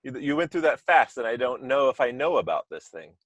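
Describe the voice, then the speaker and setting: A man's voice: medium pitch, sing-song, a little fast, a crowd in the background. A man hosting a podcast in casual chat, talking loosely with asides and restarts over a remote call microphone. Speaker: podcast host.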